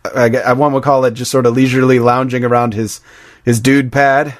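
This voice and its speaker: A man co-hosting a casual movie podcast, often acting out quotes in loud voices. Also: medium pitch, little pitch movement, a little fast. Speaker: podcast co-host.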